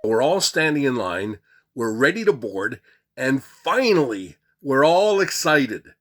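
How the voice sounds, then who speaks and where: An older man telling a comic yarn, animated and laughing at his own jokes. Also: medium pitch, measured pace, heavy background noise. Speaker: storyteller. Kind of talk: comic storytelling. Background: faint guitar music.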